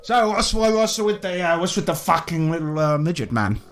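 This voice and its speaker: A man's voice: a little high, very animated, moderate pace, a little hiss or hum, pitched above the performer's own voice. A man voicing a pompous, boastful male explorer who runs a zoo, rambling and swearing constantly. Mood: belligerent.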